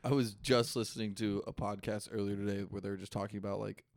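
Young man, co-host energy, loose profane banter, slightly low voice, dry close sound. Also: flat delivery, quick pace, gravelly, no echo. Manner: loose, profane, full of fillers. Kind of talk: casual chat.

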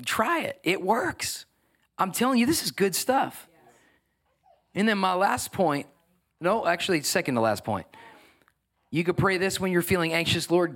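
A man preaching a sermon, building to emphatic, energetic exhortation. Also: a little high. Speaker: pastor.

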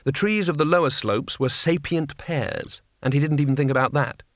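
A man reading an audiobook in steady scripted narration. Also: a little high, moderate pace, no echo, clean studio sound.

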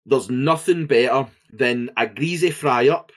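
A man with a Scottish accent, co-hosting a podcast in casual chat, animated and swearing freely. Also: medium pitch, slow. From Scotland. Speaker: podcast co-host.

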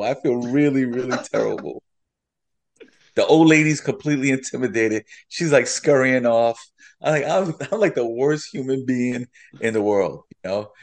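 A man at an ordinary pitch tells a long story on a casual podcast. He is animated, acts out the voices of the people in it and laughs along as he goes. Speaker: guest storyteller.

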